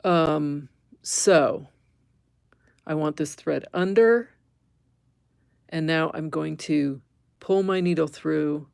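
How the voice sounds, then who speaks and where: A woman's voice: low voice, slow pace, creaky, long pauses, darkish tone, clear, resonant tone, dry recording. A middle-aged woman teaching embroidery on a live stream, thinking aloud as she stitches, correcting herself and chatting with viewers.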